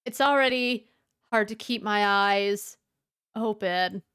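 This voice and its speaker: Weary bus traveler, read by a woman, plain and measured. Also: medium pitch, fairly bright tone, clean tone. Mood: tired. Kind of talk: reading game dialogue aloud.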